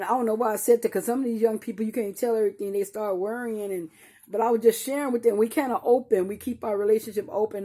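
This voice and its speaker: Her voice is a little high and warm: an older woman, mourning as a mother, telling her viewers a personal story. She speaks directly to "y'all," often restarting and repeating while recalling painful moments.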